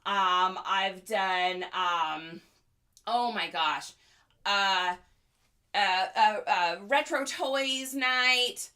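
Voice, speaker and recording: A woman's voice: medium pitch, very slow, bright, forceful tone. A young woman hosting a casual reseller livestream, chatting in a bubbly way with lots of fillers and laughs.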